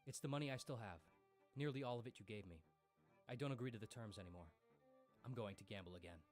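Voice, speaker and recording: A man's voice: lowish voice, quick pace, a little mellow, faint music behind, close to an everyday voice. A narrator reading the lines of a worn-down gambling man in a video essay. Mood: resolute.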